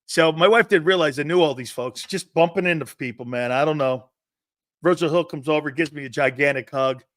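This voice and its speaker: Fairly quick and a bit bright, a man's voice on the high side tells digressive stories on a sports talk show, with restarts and the occasional curse. He is in his fifties, and the studio sound is clean with no echo.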